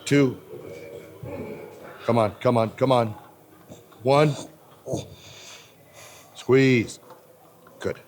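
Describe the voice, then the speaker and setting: Slow-counting male trainer. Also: medium pitch, fairly even intonation, darkish tone, slight background noise. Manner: terse commands, counting reps aloud. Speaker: personal trainer. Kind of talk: gym coaching. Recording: background music.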